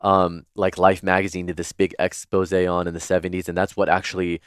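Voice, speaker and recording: A man with a very deep, smooth, resonant voice tells stories as a podcast guest. He speaks in a chatty, earnest way full of filler words, and the dry close mic picks up no room. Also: monotone, brisk, no echo. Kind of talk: casual storytelling in interview.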